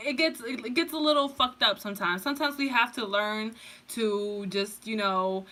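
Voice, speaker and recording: Woman tarot reader, loose and profane, laughs easily; bright, slightly high voice. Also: normal speed. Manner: rambling, profane, laughs often. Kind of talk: casual pick-a-card tarot reading.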